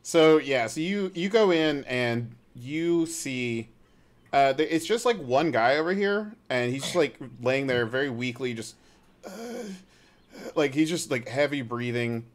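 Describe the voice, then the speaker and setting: A man's voice: mid-range voice, measured pace. A man narrating a tabletop game as game master, in a casual, hesitant way with many fillers.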